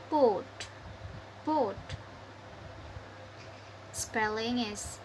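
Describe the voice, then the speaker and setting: A woman's voice: on the high side, fairly bright tone, a little hiss or hum, rough recording. A young woman with an Indonesian accent, a student presenting a pronunciation lesson, reading word lists and repeating each example. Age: young adult. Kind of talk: slow read-aloud lesson.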